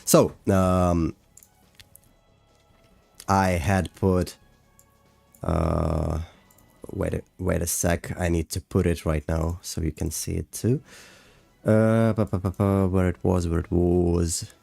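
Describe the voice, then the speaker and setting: A man's voice: deep voice, slow pace, vocal fry, pauses often, a little mellow, dry recording. A man casually chatting on a livestream while walking through his animation work, hesitant with many fillers. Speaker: animator streaming a breakdown. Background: faint music.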